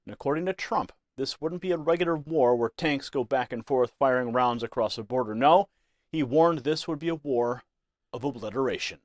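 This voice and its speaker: A man's voice: mid-range voice, moderate pace, no echo. Brief: male voice-over narrator, scripted news special, grave emphasis, dry studio sound. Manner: ominous, emphatic delivery.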